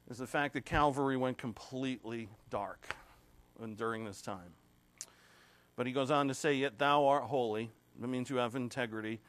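A man's voice: medium pitch, fairly bright tone, dry recording. Earnest male preacher, dry close sound. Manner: earnest, reads scripture aloud with rising emphasis; emotional, clears throat and pauses. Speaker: pastor. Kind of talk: expository sermon.

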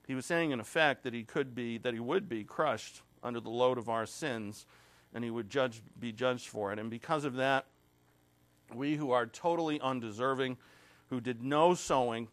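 A man's voice: medium pitch, dry recording. A man preaching an expository sermon, reading scripture aloud with rising emphasis and growing emotional at times. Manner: emotional, clears throat and pauses. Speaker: pastor.

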